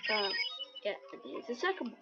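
A woman's voice: medium pitch, big pitch swings, fairly quick. A woman giving casual, jokey, rambling let's-play commentary on a video game. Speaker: gameplay commentator. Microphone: webcam or computer mic. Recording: dull lo-fi recording with loud game music.

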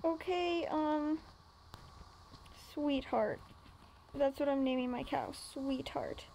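A young woman with a very high voice chats while she plays a game. She keeps coaxing and pleading with a pet cow in a doting way. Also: slow, creaky, mellow, slight background noise, low-quality recording. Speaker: gamer. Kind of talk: casual gaming chat.

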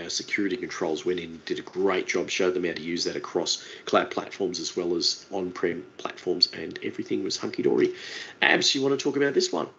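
A man with a very low voice presents a casual webinar, relaxed and chatty, tossing in informal asides. The audio is dull and lo-fi, much like a typical online meeting recording.

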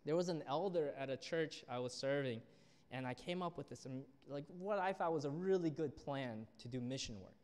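A man's voice: fairly high pitch, moderate pace, a little mellow. A young man preaching a sermon as a youth pastor, telling stories and acting out the people in them. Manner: storytelling, acts out quoted people. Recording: long reverb of a church hall.

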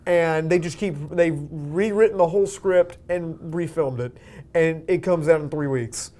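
High-voiced young man rambling. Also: unhurried, a little mellow. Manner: rambling, filler-heavy. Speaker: podcast co-host. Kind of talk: casual chat.

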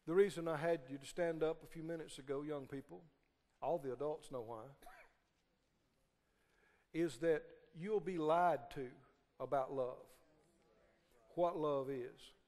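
A man preaching a sermon to a congregation, animated and full of call-and-response questions. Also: on the high side, unhurried, pauses often, long reverb tail. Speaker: pastor. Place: church sanctuary.

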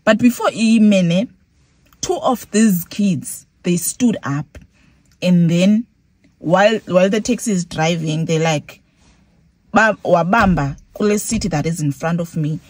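A young South African vlogger with a Xhosa accent tells a casual story, switching between English and Xhosa and acting out her own reactions. Her voice is fairly low and darkish, she takes her time, and there's no echo.

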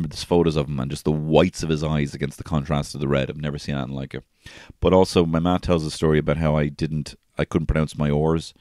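In this casual solo podcast, a man in his thirties tells profane, meandering stories about his life and keeps starting over. His voice is extremely low and a little mellow, on a dry, studio-quality recording.

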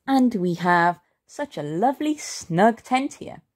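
A woman reading the lines of a bright, bossy storybook mother, chirpy and quick to scold. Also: medium pitch, lively intonation, pitched above the performer's own voice.

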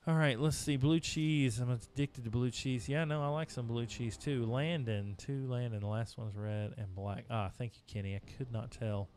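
A man's voice: medium pitch, steady tone, moderate pace, hardly any pauses, a little mellow, slight background noise. Chatty male gamer streaming live. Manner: chatty, talking to chat while playing. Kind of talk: casual live-stream gameplay chat. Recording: music playing behind.

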